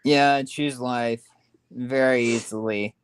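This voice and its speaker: A man drops short, quiet comments into a casual chat at a slow, unhurried pace. His voice is smooth and resonant, and the recording is dry. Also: mid-range voice, steady tone, no echo.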